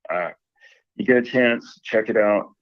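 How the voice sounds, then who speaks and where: A man's voice: lowish voice, normal speed, no room sound. A man telling a story in a casual, rambling way, full of restarts, heard over a tinny line. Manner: rambling, hesitant, with many restarts.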